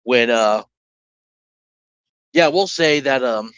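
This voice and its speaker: A man's voice: medium pitch, slow, fairly bright tone, clean tone, no echo. A man casually narrating a solo tabletop game on a livestream, rambling with asides and restarts, on a dull, dry mic.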